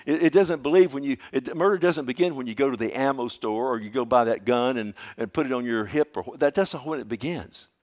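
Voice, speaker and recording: Pastor, male, animated sermon delivery with rhetorical questions, sanctuary sound. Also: medium pitch, a little fast, hardly any pauses. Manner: dynamic, shifts between loud emphasis and quiet.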